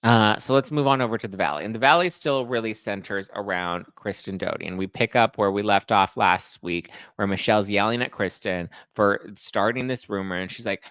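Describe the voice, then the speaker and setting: Man, podcast host, casual recap chat, sassy, low voice, dry close sound. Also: brisk, a bit bright, dry recording. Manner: chatty and sassy, acts out quotes.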